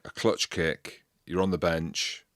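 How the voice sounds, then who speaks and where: A man hosting a podcast, blunt and quick with the banter, swearing freely. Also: deep voice, steady tone, fairly bright tone, dry recording, studio quality. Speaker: podcast host, former rugby player. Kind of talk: casual chat, reacting to match footage.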